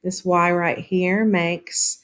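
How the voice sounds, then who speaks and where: A woman teaching a lesson, explaining patiently and sounding words out slowly, with frequent "um" fillers. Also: lowish voice, flat delivery. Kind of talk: classroom lesson on syllables.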